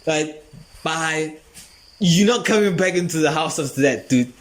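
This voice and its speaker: A man's voice: a little high, a little slow. A man hosting a comedy podcast, telling a rambling, profane story and laughing often. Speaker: podcast host.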